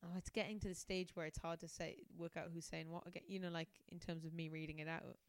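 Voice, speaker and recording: A woman's voice: lowish voice, steady tone, fast, clean tone, no room sound. A woman guest on a podcast, reading passages from a detective novel aloud and breaking off for amused, laughing asides. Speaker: podcast guest, comedian and scientist.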